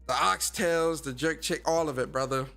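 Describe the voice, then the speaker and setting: Hyped, slangy gaming stream host. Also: male voice, fairly high pitch, moderate pace, creaky, sharp tone, faint music behind. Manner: hyped, slangy, talks straight to his chat. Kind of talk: casual livestream chat.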